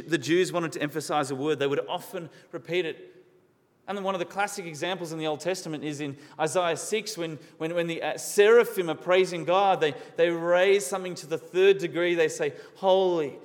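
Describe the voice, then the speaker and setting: A man preaching a sermon in an earnest, questioning way, repeating key words for emphasis. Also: on the high side. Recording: long reverb of a large hall.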